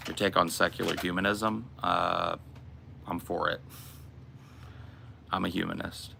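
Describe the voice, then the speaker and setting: Brief: low-voiced American host, laid-back and blunt, slight hiss in the background. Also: male voice, steady tone, a little slow, creaky, long pauses, bright, forceful tone. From United States. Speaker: podcast host. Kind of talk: casual Q and A with chat.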